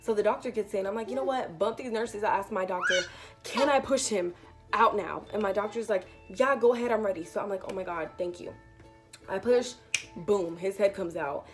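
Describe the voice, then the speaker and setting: A young woman vlogger chatting casually through a storytime, animated and full of "like". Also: medium pitch, a little fast, music in the background. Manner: chatty, animated retelling with lots of "like".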